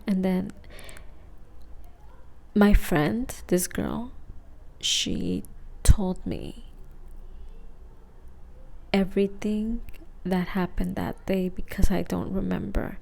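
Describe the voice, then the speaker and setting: A young woman telling a rambling ASMR story in a mostly whispered voice, casual and full of "like" and swearing, while high. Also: animated, drawn-out words, creaky, long pauses, mellow.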